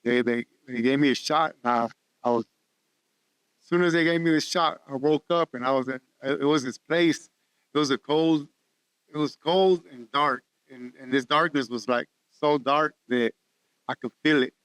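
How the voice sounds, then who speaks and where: Man, personal testimony, earnest, halting, resonant voice, dry close mic. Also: medium pitch, fairly bright tone, smooth, no room sound. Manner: halting, repeats words, earnest storytelling. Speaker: guest sharing testimony. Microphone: podcast studio mic.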